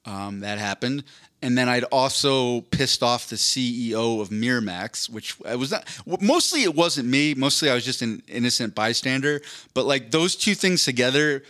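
A man's voice: mid-range voice, lively intonation, moderate pace, bright, forceful tone. A man in his thirties, a podcast co-host rambling casually through a long story, with lots of asides. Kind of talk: casual chat.

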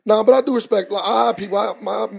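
Man, fast talker, gravelly, insistent podcast debater. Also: high-pitched, a little mellow. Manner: fast, insistent, repeats himself, laughs it off. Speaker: podcast co-host. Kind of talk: heated casual debate.

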